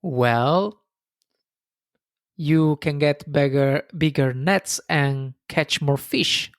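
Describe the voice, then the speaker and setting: A man's voice: on the high side, very slow, no echo, clean studio sound. A man voicing an impatient businessman who lectures and insists. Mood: lecturing. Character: pushy, impatient male businessman, growing angry.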